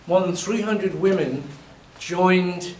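A man from England giving a university lecture, telling lively stories and acting out his examples, his voice a little hoarse. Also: sits high, takes it slowly. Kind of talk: classroom lecture. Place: lecture hall. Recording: echoey hall, distant mic, faint noise.

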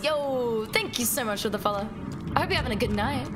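A woman livestreaming a game, chatting casually with her viewers, excitable and swearing freely. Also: on the high side, a little fast, over music. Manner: excitable, swears a lot, talks to chat. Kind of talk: casual gameplay livestream chat.

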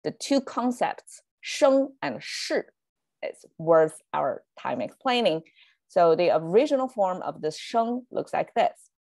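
A woman's voice: on the low side, big pitch swings, takes it slowly, darkish tone, no room sound. A woman whose first language is Chinese, hosting a casual online language lesson, chatty, often laughing and correcting herself as she explains slides. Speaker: Chinese language teacher and host.

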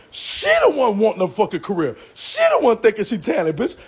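A man's voice: high-pitched, huge pitch swings, normal speed, breathy edge. A man ranting on a livestream, brash and profane, trash-talking with a Southern US accent and frequent laughs. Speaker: live streamer. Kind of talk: livestream rant.

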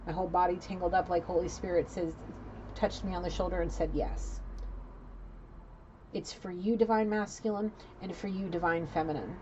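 A woman's voice: lowish voice, steady tone, a little fast, highs cut off, background noise. A woman giving a rambling, blunt psychic reading in a casual, chatty way. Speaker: psychic tarot reader.

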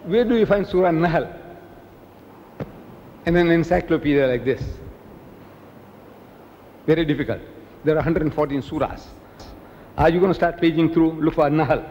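A man's voice: normal speed, long pauses, in a large hall, lo-fi sound, slight background noise. A man from South Africa giving a public lecture as a preacher, acting out the voices he quotes with big swings in his delivery. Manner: animated, acts out quoted dialogue with big pitch swings.

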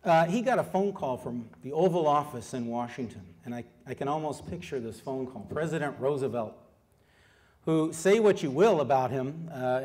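A middle-aged man gives a public history lecture as an author. He talks in a lively, conversational way, drawing the audience in with questions. He pauses often with fillers as he goes. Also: mid-range voice. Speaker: author giving a history talk.

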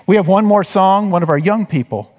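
A man's voice: high-pitched, fairly quick, darkish tone. A man preaching a sermon as pastor, talking conversationally and asking the congregation questions. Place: church sanctuary. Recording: long hall reverb.

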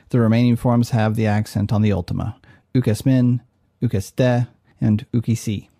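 A man's voice: mid-range voice, mellow, dry recording, clean studio sound. A man teaching Greek in a recorded lecture, explaining step by step and pronouncing terms carefully. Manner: methodical, clearly enunciated explanation. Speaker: Greek professor.

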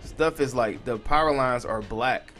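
A man's voice: mid-range voice, a little slow, a bit bright. Young male gaming host, casual and profane commentary over faint game music. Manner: frustrated, swears a lot, talks to the viewers. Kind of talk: casual let's-play commentary.

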